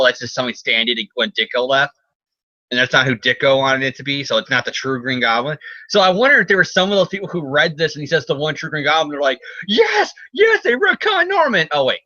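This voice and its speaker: A man's voice: medium pitch, sharp tone, dry recording, dull audio. A man co-hosting a casual comic book talk show, rambling and laughing often as he acts out characters. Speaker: podcast co-host.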